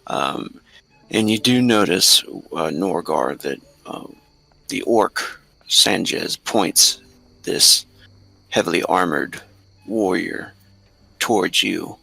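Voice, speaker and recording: A man narrating as game master in an unhurried, hesitant way, with many fillers. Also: low-pitched, vocal fry, pushed and bright, breathy edge, no echo.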